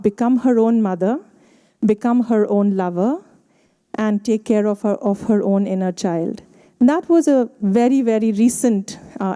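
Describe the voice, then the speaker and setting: A woman's voice: mid-range voice, clear, resonant tone. A middle-aged woman from India giving a personal storytelling talk at an event, acting out dialogue with a lifted voice. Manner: animated, acts out dialogue with lifted voice. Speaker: speaker. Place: event hall.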